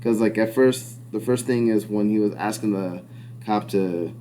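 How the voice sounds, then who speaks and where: A man's voice: lowish voice, moderate pace, dark tone, slight background noise. A man co-hosting a podcast in casual chat, rambling with many restarts and fillers and acting out quotes. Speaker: podcast co-host.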